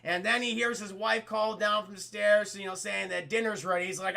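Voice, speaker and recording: Bright, gravelly man reviewing films. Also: high voice, fairly quick, hardly any pauses. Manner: animated, swears freely, acts out scenes with exclamations. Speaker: film reviewer and streamer. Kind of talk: casual spoiler review chat to a live stream audience.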